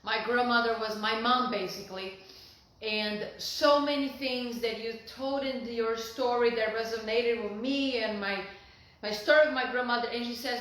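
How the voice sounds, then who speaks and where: A woman's voice: on the high side, moderate pace, fairly bright tone. Woman rambling in an echoey room. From Brazil. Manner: rambling, heartfelt, many fillers and restarts. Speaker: vlogger. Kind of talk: personal storytelling to camera.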